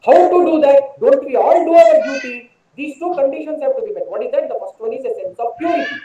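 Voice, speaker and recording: A man's voice: very high voice, animated, a little fast, noisy background. A man from India with an Indian English accent gives a spiritual talk as a monk. He repeats key phrases and asks and answers his own questions. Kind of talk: spiritual lecture with storytelling. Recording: distant, echoey, dull online lecture audio.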